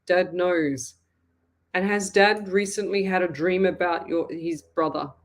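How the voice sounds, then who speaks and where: An Australian woman hosting a live psychic reading, speaking in a sympathetic, halting way and repeating herself often. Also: fairly low pitch, fairly even intonation. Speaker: psychic medium host.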